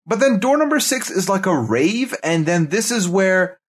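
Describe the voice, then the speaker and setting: Man, podcast co-host, thinking aloud, casual chat, animated pitch. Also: moderate pace, husky. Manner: thinking aloud, walking through clues.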